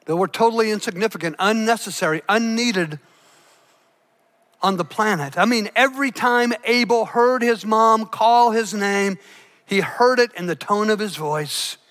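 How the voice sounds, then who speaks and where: A man preaching a sermon, swinging from hushed, soft passages to loud, shouted peaks. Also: high-pitched, moderate pace. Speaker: pastor.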